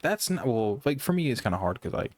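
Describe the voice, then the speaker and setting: A young man talking casually about gaming, in a monotone voice that he says makes him sound sarcastic, rambling with frequent restarts. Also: medium pitch, no room sound. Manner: rambling, halting with many restarts. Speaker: gaming commentator. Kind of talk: casual monologue.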